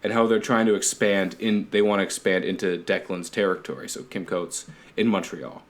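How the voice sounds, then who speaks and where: Dude on a podcast, low-ish voice, rambles and swears a lot, laughs as he goes. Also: fairly even intonation, moderate pace. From Canada. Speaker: podcast host. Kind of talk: casual chat.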